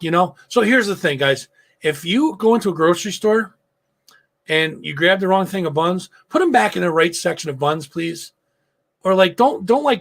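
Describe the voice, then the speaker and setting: Gravelly-voiced man telling a story. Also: on the high side, fairly bright tone. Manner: loose storytelling, frequent swearing and fillers. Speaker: live show host. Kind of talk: casual live-stream chat.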